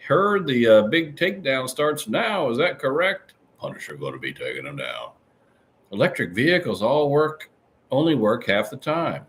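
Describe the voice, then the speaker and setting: A man hosting a live-stream podcast, chatting casually and rambling as he reads out viewer comments. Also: normal speed. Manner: chatty, rambling, animated swings in pitch. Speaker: livestream podcast host.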